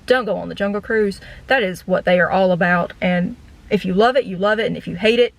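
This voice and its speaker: Woman in her 30s, deadpan storyteller, rambly car vlog chat, filler-heavy. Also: medium pitch, fairly quick, creaky, rough recording. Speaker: vlogger and former theme park ride guide.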